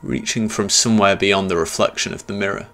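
A man with a low, gravelly voice reads a first-person horror story aloud. His delivery is tense and dramatic, and full of rough texture. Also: fairly even intonation, fairly quick, a bit bright. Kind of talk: scripted horror narration.

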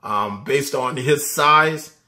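A man's voice: medium pitch, takes it slowly, bright, forceful tone. A man talking college football casually, enthusiastic, laughing often and repeating his words. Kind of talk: casual sports talk.

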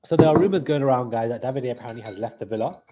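A young man hosting a live reaction stream, excitable and hyped, calling out "guys" often, with a slightly stuffy nose. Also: mid-range voice, very fast, very noisy. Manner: excitable hype talk, keeps saying "guys".

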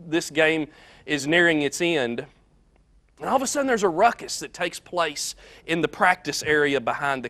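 A man preaching a sermon, telling a story earnestly and swinging between loud and soft passages. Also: fairly high pitch.

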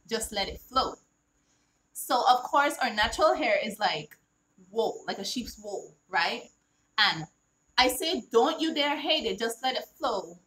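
A woman's voice: on the high side, fairly bright tone, low-quality recording. A woman author talking casually on her vlog, reading lines from her own children's book aloud and explaining each one in an earnest way, often checking in with "all right?".

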